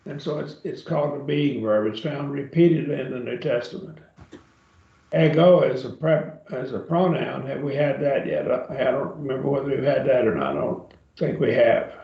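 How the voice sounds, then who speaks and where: A man leads a church classroom lesson at an unhurried pace. His voice has a gravelly edge and takes plenty of time over each point. He sounds distant and roomy on a dull, muffled recording. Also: medium pitch. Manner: patient, explains step by step, checks with "okay?". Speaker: Bible Greek teacher.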